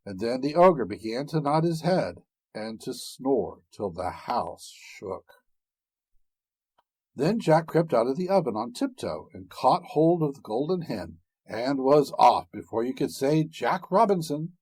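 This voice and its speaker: A man narrating a fairy tale, expressive and dramatic in an unhurried way. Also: mid-range voice, breathy edge, no echo. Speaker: storyteller.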